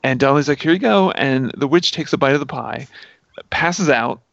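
A man in casual chat with a gravelly, creaky voice, recounting a film scene by scene with plenty of fillers and acted-out quotes. The recording sounds dry and a bit dull. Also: mid-range voice, normal speed, dry recording. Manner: animated storyteller, many fillers.

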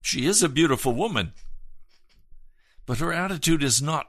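A man preaching a sermon in an earnest way, moving between hushed and emphatic delivery and slowing down to stress points. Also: on the high side, animated, no room sound.

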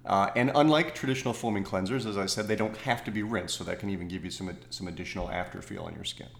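Low-voiced man in a roomy space. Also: fast talker, creaky. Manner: thoughtful, self-correcting, jokey asides. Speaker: podcast co-host. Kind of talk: casual science chat.

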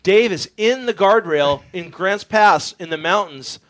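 Animated man telling a road story. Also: high-pitched, unhurried. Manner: animated, swearing, voices others in his story. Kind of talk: casual storytelling. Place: radio studio.

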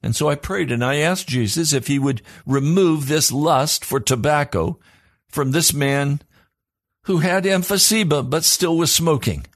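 A man's voice: a little high, measured pace, dry recording, clean studio sound. A man preaching a sermon as a pastor, in an earnest, emphatic cadence built on repeated phrases.

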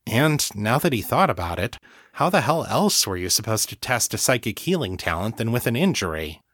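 A man narrating fiction in an unhurried, expressive storytelling manner. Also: lowish voice, dry recording, clean studio sound. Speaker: audiobook narrator.

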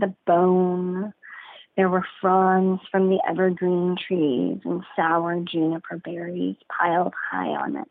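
A woman tells a folk tale slowly and deliberately, lingering on each detail. Her voice is low with a gravelly edge. The sound is dry and squeezed into a narrow band, like a phone line. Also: no echo. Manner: slow, deliberate, rich sensory detail. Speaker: storyteller. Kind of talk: told folk story, guided narration.

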